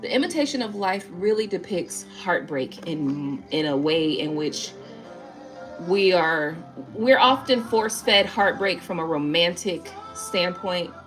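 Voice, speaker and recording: A woman's voice: on the low side, expressive, a little slow, fairly bright tone, faint music behind. Rambling, swearing woman tarot reader. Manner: rambling, tag questions, frequent swearing. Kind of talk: live-stream chat, reading viewer comments.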